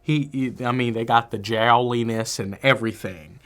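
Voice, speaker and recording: A man co-hosting a film review podcast, chatting casually and giving opinionated, emphatic takes. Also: medium pitch. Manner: animated, opinionated, drawn-out emphasis. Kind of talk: casual movie review chat.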